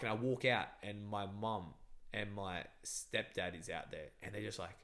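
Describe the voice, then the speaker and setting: A man's voice: fairly low pitch, normal speed, fairly bright tone, slight background noise. A young man telling a rambling story on a podcast, full of filler words and swearing. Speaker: podcast co-host. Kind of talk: casual storytelling chat.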